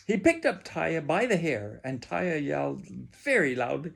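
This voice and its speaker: A man reading a children's storybook aloud with expressive, drawn-out delivery. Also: on the high side, gravelly.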